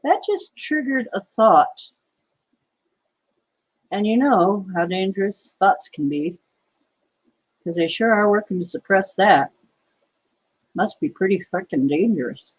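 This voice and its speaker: A woman's voice: mid-range voice, expressive, slow pace, long pauses, breathy edge, rough recording. A woman hosting a casual livestream, rambling and answering viewers' chat comments with conspiratorial asides. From United States. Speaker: livestream host.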